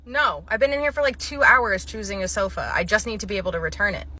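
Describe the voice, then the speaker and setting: A woman's voice: medium pitch, lively intonation, quick pace, sharp tone. A woman playing an entitled, pushy female customer who insists on her demands and repeats herself. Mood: demanding.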